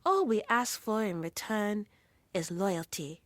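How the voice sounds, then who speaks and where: A woman's voice: medium pitch, animated, slow, dry recording. A woman voicing a playful, joyful young woman in a storybook reading. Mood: tender. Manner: playful, exuberant.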